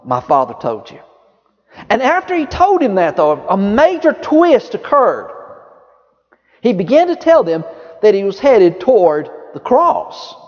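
Male preacher, high and very animated, echoing dull hall recording. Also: unhurried. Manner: lively preaching, drops low and soft for quoted words of Jesus. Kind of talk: sermon. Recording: dull reverberant hall sound.

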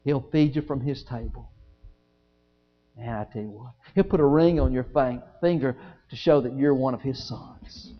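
A man's voice: mid-range voice, normal speed. A man preaching a sermon, telling folksy stories and acting out both sides of the dialogues. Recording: dull lo-fi sound with long church reverb.

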